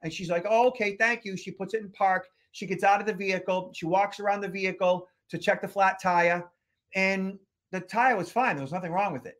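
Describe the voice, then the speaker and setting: High-voiced chatty male podcast host. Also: steady tone, a little fast, a bit bright. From Boston area, USA. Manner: chatty, many fillers and restarts. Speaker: podcast host, security expert. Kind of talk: casual podcast storytelling.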